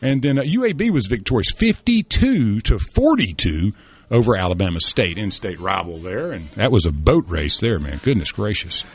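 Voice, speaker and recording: A man talks sports on a morning radio show in a folksy, rambling way. His voice is a little husky and swings up and down a lot in pitch, and the studio sound is dry and close. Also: sing-song, moderate pace, no room sound. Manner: chatty and folksy, with many fillers and restarts. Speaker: radio co-host. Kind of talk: casual sports chat on talk radio.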